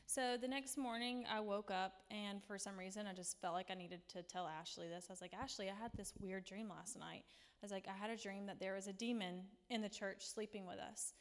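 A woman quietly recounting a dream as part of a testimony. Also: mid-range voice, big-room sound. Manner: soft-spoken, recounting a dream.

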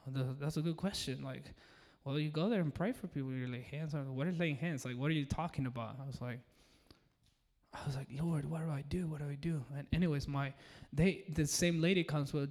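A man from Peru telling the church an animated testimony, getting loud and excited. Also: a little high, fairly quick, vocal fry. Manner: excitable, swings into loud exclaiming. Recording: reverberant church hall.

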